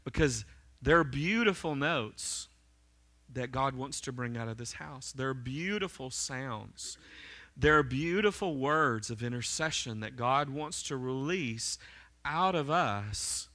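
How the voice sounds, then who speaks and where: A man preaching a fervent sermon in a church sanctuary. His voice is bright and forceful, pitched in a normal middle range. He keeps turning to the congregation with quick "right?" and "amen?" check-ins. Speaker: pastor.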